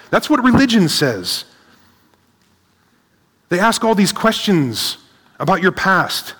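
Man, preacher, sermon, energetic, rhetorical questions, slightly high voice, long hall reverb. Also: slow, pauses often, husky. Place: large hall with a live audience.

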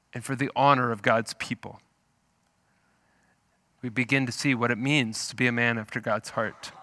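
A man preaching a sermon, retelling a scripture story in an animated, storytelling way. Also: medium pitch, no echo. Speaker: pastor.

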